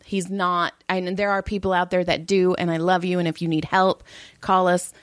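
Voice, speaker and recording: A woman's voice: on the low side, flat delivery, moderate pace, clean tone, no room sound, clean studio sound. A middle-aged woman co-hosting a podcast, casually telling profane family stories and acting out what everyone said. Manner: blunt, profane storytelling with acted-out quotes. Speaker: podcast co-host. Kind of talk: casual chat.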